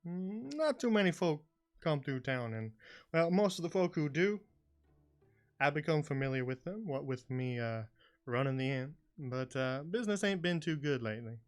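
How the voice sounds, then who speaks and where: A man's voice: on the high side, big pitch swings, moderate pace. A man voicing an evasive, folksy middle-aged innkeeper with a put-on Southern drawl, hesitant and rambling.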